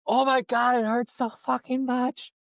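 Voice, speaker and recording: A man's voice: extremely high pitch, flat delivery, measured pace, fairly bright tone, dry recording, voice pushed up, full character voice. A man voicing a panicking young female soldier who curses frantically after being stung. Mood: frantic, screaming. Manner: shrieking, frantic cursing. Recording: dull, slightly lo-fi dry sound.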